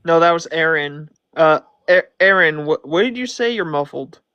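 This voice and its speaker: A man's voice: fairly high pitch, lively intonation, moderate pace, pushed and bright, clear, resonant tone, muffled recording. A man hosting a live stream, joking crudely and laughing with friends on a call. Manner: brash, crude, laughing banter. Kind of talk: casual group chat on a live stream.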